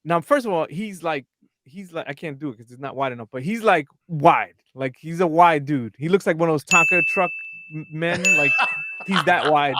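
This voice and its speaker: A man guest on a podcast, telling a lively anecdote and acting out the voices of the people in it. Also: on the high side, normal speed. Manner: animated, acts out voices in his anecdote. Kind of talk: storytelling on a podcast.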